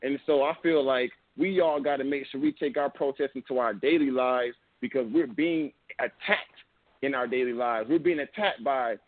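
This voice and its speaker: A man's voice: medium pitch, normal speed, no echo. A young man hosting a podcast, talking earnestly in a rambling, casual way and often saying "you know what I'm saying". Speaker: podcast host. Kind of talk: casual opinion talk. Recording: dry, tinny phone-like sound.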